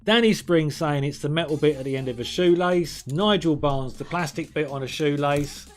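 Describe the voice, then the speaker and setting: Chatty quiz host reading answers. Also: male voice, fairly high pitch, normal speed. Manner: chatty, jokey, lists viewers' answers by name. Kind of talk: live-streamed quiz hosting, reading chat answers.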